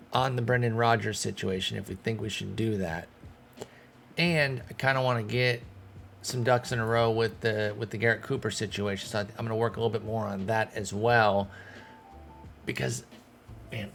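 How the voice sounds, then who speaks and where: A man's voice: mid-range voice, gravelly, slight background noise. A man, thinking aloud in casual commentary as he manages a baseball team in a video game. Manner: thinking aloud, talking to himself and the players. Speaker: gaming streamer. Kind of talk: casual let's-play commentary.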